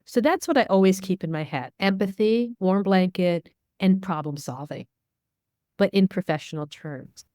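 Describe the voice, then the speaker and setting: A woman's voice: medium pitch, lively intonation, normal speed, mellow, dry recording, studio quality. A middle-aged woman, a media expert guest, answering interview questions in a candid, storytelling way. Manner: candid, storytelling, acts out dialogue.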